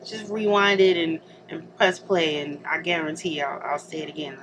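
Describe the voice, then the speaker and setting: Young woman chatting to her camera while she gets ready, laughing a lot, kinda low voice, hissy recording. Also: fairly even intonation, normal speed, hardly any pauses. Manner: chatty and rambling, laughs often. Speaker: vlogger. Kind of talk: casual chat to camera. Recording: noticeable background hiss.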